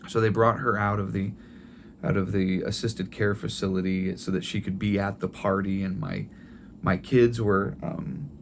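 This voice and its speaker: Middle-aged male pastor, tender and gentle, restarts phrases, low voice. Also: level tone, moderate pace, a little hiss or hum. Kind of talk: sermon.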